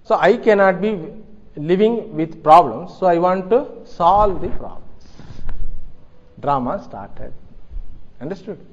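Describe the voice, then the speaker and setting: A man's voice: high voice, expressive, slow pace, long pauses. Man teaching in an echoey hall. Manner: explains step by step, often checks with "Understood?". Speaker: spiritual teacher. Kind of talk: philosophical discourse. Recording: dull lo-fi recording with long hall reverb.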